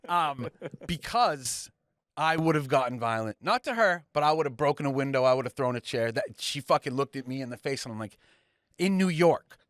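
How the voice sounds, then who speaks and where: A man's voice: mid-range voice, lively intonation, fairly quick, fairly bright tone, no room sound, studio quality. A man, co-hosting a podcast, ranting heatedly and swearing a lot as he tells a story. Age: young adult. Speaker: podcast co-host. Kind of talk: casual ranting chat.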